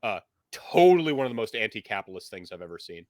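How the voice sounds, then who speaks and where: A man's voice: lowish voice, sing-song, fast talker, a little mellow, dry recording, clean studio sound. A man as game master, chatting in a rambling way with many fillers, then narrating a scene. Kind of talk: casual chat and game narration.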